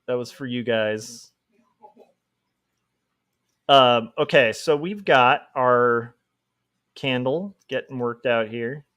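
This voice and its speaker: A man's voice: medium pitch, takes it slowly, long pauses, a bit bright, clear, resonant tone. A young man chatting casually and rambling with lots of fillers while he draws on a livestream. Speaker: livestreaming comic artist.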